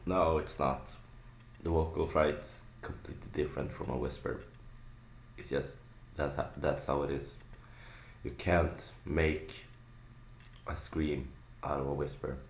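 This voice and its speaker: A man's voice: a bass voice, flat delivery, measured pace, gravelly, long pauses, slight background noise. A young man explaining metal screaming technique in a casual, rambling way full of fillers and restarts, recorded on a home mic in an echoey room. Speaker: vocal tutorial maker. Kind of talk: casual spoken tutorial.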